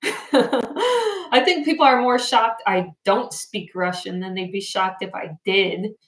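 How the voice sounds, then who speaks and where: A woman's voice: medium pitch, lively intonation, slow, a bit bright, roomy sound. A tired woman hosting a casual livestream, chatting and reading out viewer comments. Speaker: livestream host. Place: home in Japan.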